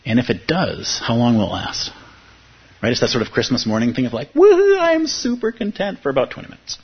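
Husky man giving a dharma talk. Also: medium pitch, quick pace, dull audio. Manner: conversational, repeats key phrases, asks rhetorical questions. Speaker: meditation teacher. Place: room with a live audience.

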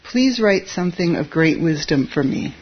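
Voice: medium pitch, lively intonation, moderate pace, husky, lo-fi sound. A Zen teacher voicing an impatient male visitor who demands wisdom and grows irritable.

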